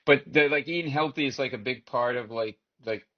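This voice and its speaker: A man who is a comedian guest, telling comic stories in an animated, rapid way with frequent "right?" asides. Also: medium pitch. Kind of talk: comic storytelling. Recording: dull lo-fi sound.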